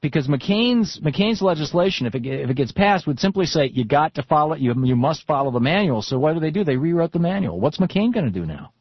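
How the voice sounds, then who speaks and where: A man hosting a radio talk show, opinionated and quick to argue his point. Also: on the high side, big pitch swings, slightly rough, no echo. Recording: dull, dry studio sound.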